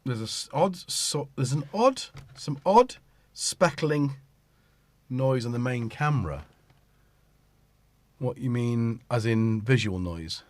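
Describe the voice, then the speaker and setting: A man's voice: medium pitch, animated, takes it slowly, long pauses, dry recording. A middle-aged British man hosting a livestream, chatting casually into a studio mic and often interrupting himself. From Britain. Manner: rambling, self-interrupting, chatty with the audience. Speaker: livestream host. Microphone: studio microphone.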